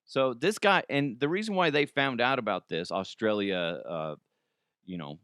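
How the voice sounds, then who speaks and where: A man's voice: medium pitch, expressive, normal speed, a bit bright, clear, resonant tone, no room sound, clean studio sound. An American man in his thirties hosting a comedy news show, chatting casually, swearing and laughing at his own jokes. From United States.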